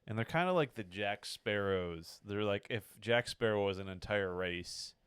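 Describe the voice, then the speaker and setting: A man's voice: on the low side, lively intonation, moderate pace, fairly bright tone, clear, resonant tone, dry recording, studio quality. A man co-hosting a casual podcast, hesitant and full of fillers as he searches for words. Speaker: podcast co-host. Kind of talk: casual chat.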